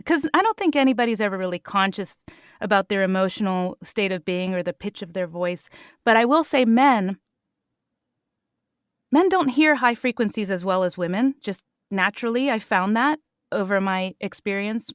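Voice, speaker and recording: A woman's voice: medium pitch, lively intonation, normal speed, smooth, dry recording, studio quality. A woman in her forties, a voice actor guest, chatting animatedly and demonstrating vocal tones as she explains. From Puerto Rican heritage. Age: 40s. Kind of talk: casual podcast chat.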